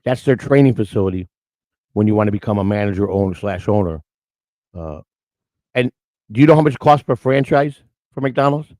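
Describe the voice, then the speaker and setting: In a loose, chatty way, an older man hosting a morning show spins rambling tales, restarting often and performing quotes. His lowish voice is expressive and slightly mellow, a little fast, with long pauses and no echo.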